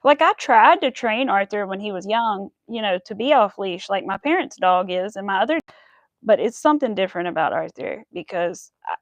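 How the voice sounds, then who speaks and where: A woman chatting casually to her viewers while she crochets at home, rambling from one story to the next. Her voice is mid-pitched with a noticeable gravelly fry. The sound is close and dry, with no room echo. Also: dull audio. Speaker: crochet livestream host.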